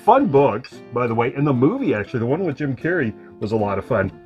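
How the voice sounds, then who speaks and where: A man's voice: mid-range voice, very animated, fast talker, darkish tone, muffled recording, faint music behind. A man co-hosting a video game unboxing, chatting casually and joking with playful banter. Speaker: co-host of a gaming channel. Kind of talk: casual chat.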